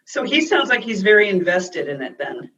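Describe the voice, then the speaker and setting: A woman's voice: medium pitch, big pitch swings, moderate pace, sharp tone, dull audio. A woman reporter hosting, asking short conversational questions from her bathroom at home. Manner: attentive, brief prompts. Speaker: reporter, host. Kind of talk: conversational interviewing.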